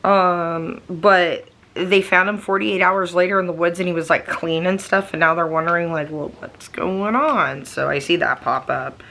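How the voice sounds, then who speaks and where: A woman's voice: normal speed, vocal fry, few pauses, pushed and bright, a little hiss or hum. A woman vlogging casually from her living room, tired and nursing a migraine, rambling with plenty of fillers. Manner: rambling, low-key, lots of fillers. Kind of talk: casual daily vlog chat.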